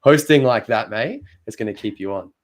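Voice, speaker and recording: A man's voice: mid-range voice, normal speed. A man in a casual podcast chat, teasing and bantering. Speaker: podcast co-host.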